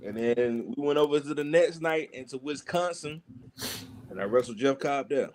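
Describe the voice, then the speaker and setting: Speaking at a moderate pace in a mid-range voice, a man who wrestles shares casual stories on a podcast as a guest. He impersonates the people involved, talking animatedly in loose slang with many fillers.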